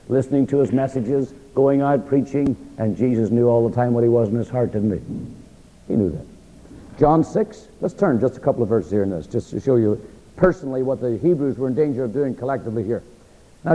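A man's voice: medium pitch, dark tone. A man preaching a sermon in a conversational Bible-teaching style, asking his listeners rhetorical fill-in questions. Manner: conversational, acts out quoted speech. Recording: echoey hall, dull lo-fi sound.

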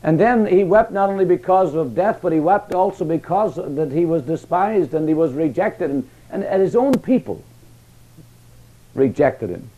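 A man preaching a sermon, passionate, with emphatic rises and hushed, quiet drops. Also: fairly high pitch, expressive, moderate pace, muffled recording, a little hiss or hum.

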